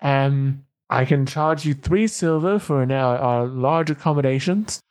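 A man's voice: medium pitch, unhurried, darkish tone. A man running a tabletop game as game master, casual and hesitant, slipping into a bartender's lines.

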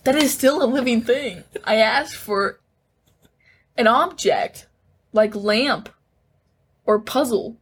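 A woman co-hosting a casual podcast, teasing and quick to correct her partner. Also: on the high side, breathy edge. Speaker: podcast co-host. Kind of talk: casual chat.

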